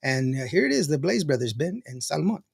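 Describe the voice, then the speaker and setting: A man hosts a casual on-air interview, reading out listener greetings and chatting easily with his guests. His voice sits a little high, and the sound is close and dry with no room around it. He laughs often and keeps a relaxed storytelling tone. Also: fairly quick, creaky, slightly rough, no room sound. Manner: laughs often, tells stories warmly and reads out listener greetings. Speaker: radio show host.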